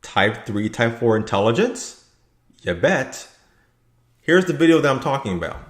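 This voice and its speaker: A man's voice: mid-range voice, sing-song, moderate pace. A man giving blunt, rambling opinion commentary for his video channel. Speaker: vlogger. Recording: echoey room.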